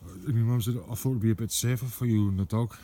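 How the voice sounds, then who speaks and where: A man's voice: on the low side, fast, mellow. A man chatting bluntly while walking through woodland outdoors, swearing heavily as he tells stories. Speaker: outdoor vlogger. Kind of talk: casual chat walking in woods. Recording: faint background noise outdoors.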